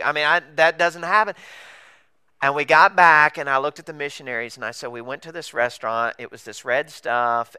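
Man, humorous sermon storytelling, bright forceful voice, smooth and clear, acts out voices. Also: mid-range voice, dry recording.

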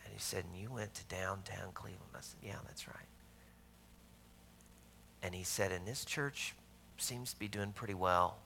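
Gravelly-voiced man preaching with bursts of emphasis. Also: deep voice, steady tone, brisk, slight background noise. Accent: Southern US. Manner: storytelling, shifts between loud emphasis and hushed asides. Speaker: pastor. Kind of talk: sermon.

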